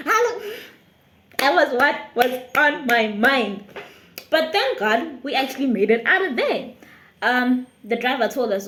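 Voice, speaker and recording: A South African woman, a YouTuber, telling a lively storytime tale with frequent laughter. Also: on the high side, a little slow, roomy sound. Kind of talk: storytime vlog.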